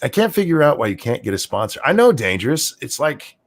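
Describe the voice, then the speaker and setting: Tipsy male stream host, crude and rambling; deep, gravelly, very animated delivery. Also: fairly quick. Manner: crude, rambling, teasing, drinking while talking. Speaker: show host. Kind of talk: casual late-night stream chat.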